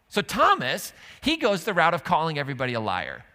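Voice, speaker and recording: A man preaches to his congregation with a bright, forward tone that rides a little above the usual male pitch. He talks loosely and conversationally, tossing in asides and questions to the room as he tells the story. The sanctuary adds a long, ringing reverb to every phrase. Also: sing-song, brisk. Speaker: pastor. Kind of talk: sermon. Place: church sanctuary.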